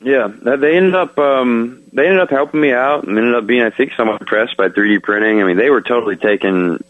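A man's voice: mid-range voice, brisk, fairly bright tone, no echo, rough recording. A man guesting on a radio show, casually telling a story, chatty and self-mocking, laughing often.

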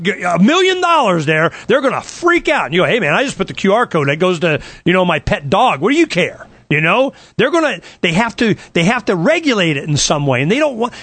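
A man's voice: high voice, dry recording. Guy ranting away, voice jumps all over the place, sarcastic, dry close sound. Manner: excited, sarcastic, quotes others in retold dialogue. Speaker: political campaigner. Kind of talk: animated storytelling rant.

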